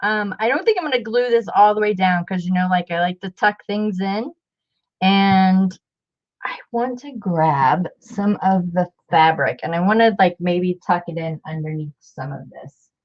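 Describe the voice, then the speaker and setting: Working on a craft project, this middle-aged crafting vlogger rambles casually with lots of fillers. Her voice is mid-range at a moderate pace, and the audio sounds dull.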